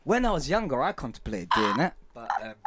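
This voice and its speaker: A man's voice: medium pitch, very animated, a little fast, crowd noise. A man hosting a casual chat, teasing and playful with his guest. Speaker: host.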